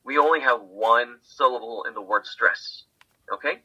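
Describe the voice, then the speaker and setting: A man's voice: mid-range voice, animated, measured pace, pushed and bright, breathy edge, rough recording. Man lecturing a class. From Korea. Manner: checks in with "okay?" often, repeats words. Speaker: language teacher.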